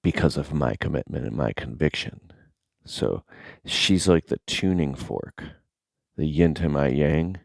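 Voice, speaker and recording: A middle-aged man talking casually to camera as a content creator, rambling and animated, sometimes dropping to a near-whisper. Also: very deep voice, measured pace, creaky, no room sound, studio quality.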